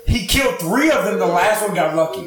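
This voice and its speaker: A man's voice: high voice, expressive, brisk, echoey room. A man telling stories in an insistent way during a casual chat among gamer friends. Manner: storytelling, insistent.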